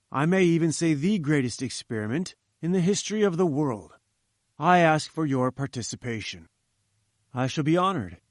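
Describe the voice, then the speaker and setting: A man's voice: on the high side, dry recording, studio quality, natural voice. A man voicing a pompous, patronizing older professor who lectures condescendingly in an audiobook reading.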